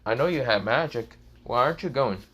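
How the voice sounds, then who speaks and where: A man's voice: medium pitch, animated, fairly quick, a bit bright, slightly rough. A man voicing a cocky, carefree young man who talks brashly and dismissively.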